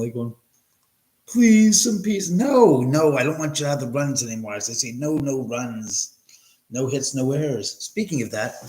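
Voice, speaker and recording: A man's voice: mid-range voice, low-quality recording. A man hosting a casual live stream from his own house, chatting with viewers and reading out their comments. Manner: chatty, reads and answers chat comments aloud. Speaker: livestream host.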